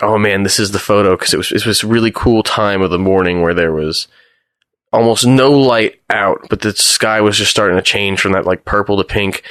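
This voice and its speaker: This young American man, a photographer, has a lowish voice captured without echo. Chatting in a casual interview, he rattles through lively stories and performs the back-and-forth of each quoted exchange.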